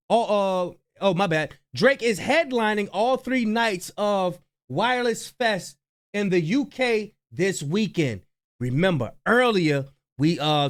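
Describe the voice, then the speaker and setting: A man hosting a casual reaction show, animated, slangy and trash-talking. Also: sits high. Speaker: reaction channel host.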